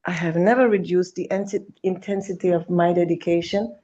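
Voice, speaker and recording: A woman's voice: fairly low pitch, fairly even intonation, a little fast, warm tone, highs cut off. A woman speaking as a gives an impassioned spiritual talk, emphatic, calling her listener darling and now and then swearing.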